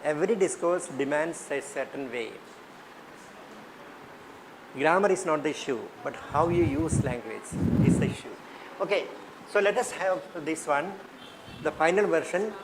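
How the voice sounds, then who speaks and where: A man's voice: on the high side, a little slow, pauses often, noisy background. A man with an Indian English accent leading a teacher workshop, questioning the class and repeating his points. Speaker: teacher trainer.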